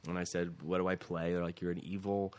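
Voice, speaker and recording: A man's voice: low voice, quick pace. A middle-aged man, an actor guest, telling a story in a casual interview and acting out quoted lines. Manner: animated, acts out quoted lines.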